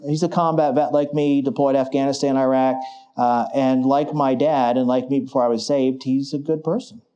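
A middle-aged man preaching a sermon, building to emphatic declarations. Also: medium pitch. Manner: emphatic, rising to forceful declarations.

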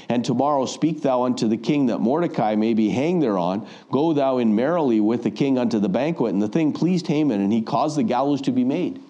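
A man's voice: mid-range voice, mellow. A man preaching a sermon, retelling a Bible story and acting out the voices of the people in it. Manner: storytelling, acts out quoted voices.

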